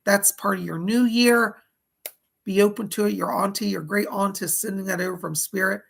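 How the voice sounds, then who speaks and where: A hoarse man, who says he is losing his voice, giving live-streamed psychic readings in a chatty, folksy way and thanking viewers by name. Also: high-pitched, fairly even intonation, moderate pace, a bit bright, poor audio. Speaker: psychic medium.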